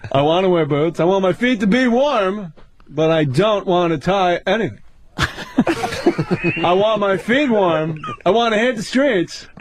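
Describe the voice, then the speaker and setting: A man's voice: high-pitched, big pitch swings, measured pace, a little hiss or hum. Brief: male comedian impersonating a fussy observational stand-up, whiny rhetorical rants. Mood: whiny ranting. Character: impression of a famous observational comedian.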